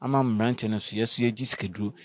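A man's voice: fairly low pitch, fairly even intonation, rapid-fire, dry recording. A man from Ghana interviewing an elderly woman, asking questions with hesitant restarts and brief acknowledgements.

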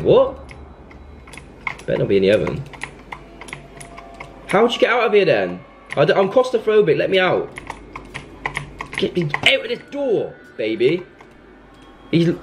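With a fairly high-pitched man's voice and slight background noise, a young gaming YouTuber narrates his horror-game playthrough, swinging between jumpy, panicky outbursts and scolding the game like a baby.

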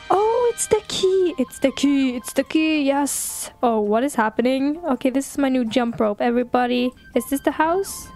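A young woman giving casual gameplay commentary, chatty and excitable, squealing when something startles her. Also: a little high. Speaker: gaming YouTuber.

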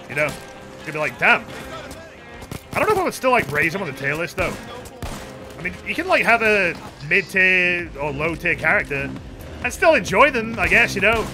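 A young man giving goofy, excitable commentary while streaming a game, with sudden yells. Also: sits high. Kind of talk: casual gaming commentary. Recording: game music playing behind.

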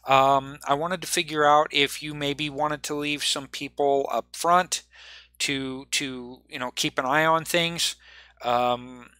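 A man narrating a tabletop game as game master, talking haltingly with many fillers and restarts. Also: on the high side, steady tone, pushed and bright, smooth, dry recording.

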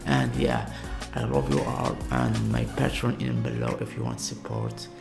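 A man from Algeria with an Algerian accent, reacting to a video in awed, halting English with many exclamations. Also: very deep voice, sing-song, gravelly, over music. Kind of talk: casual reaction commentary.

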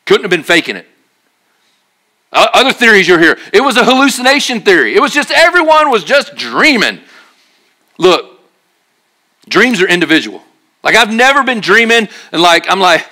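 Male pastor, sermon delivery, bright and slightly high voice, animated storyteller. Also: normal speed. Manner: drops to a quiet, earnest tone for serious points. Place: church.

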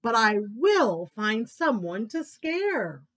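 A woman voicing a small, clumsy tiger cub who is eager to be scary, in a high, squeaky, indignant voice. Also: big pitch swings, slow pace, fairly bright tone, exaggerated voice. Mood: determined.

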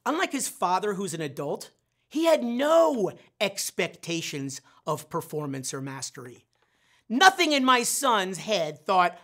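A man's voice: high-pitched, very animated, a little slow, pushed and bright. A middle-aged man, a sales trainer, telling a self-mocking story in a live online training session and putting questions straight to his audience.

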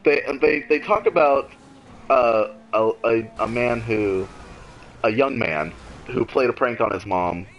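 A man's voice: mid-range voice, a little slow, vocal fry, rough recording. A man co-hosting a casual podcast chat, telling stories with lots of laughter and swearing. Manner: animated storyteller, laughs a lot, swears. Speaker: podcast co-host.

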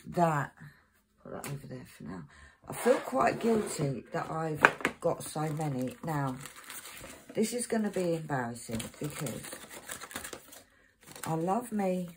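A woman with a low-pitched, sing-song delivery takes her time, leaving long pauses as she chats and rambles on her crafting channel, reading out codes while working. Packets crinkle loudly against a noisy background.

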